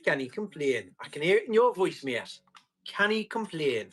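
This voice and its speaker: A man's voice: on the high side, big pitch swings, moderate pace. Chatty man selling tools. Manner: chatty, jokey salesman patter. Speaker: live auction seller. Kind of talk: live-stream tool auction chat.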